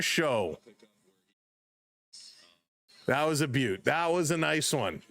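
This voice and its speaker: A man hosting a live baseball stream, mixing play-by-play with chatty greetings to viewers. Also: slow. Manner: chatty, greets chat viewers by name between pitches; gets loud and excited on big plays. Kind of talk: casual live play-by-play commentary.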